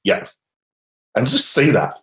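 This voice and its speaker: A man guiding a client through a coaching session, upbeat and encouraging, with casual fillers. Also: slow pace. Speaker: change coach. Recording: roomy echo.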